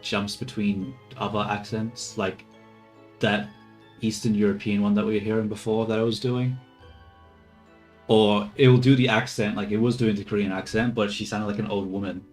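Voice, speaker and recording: A man in casual chat, testing AI voices, rambling and swearing. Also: on the low side.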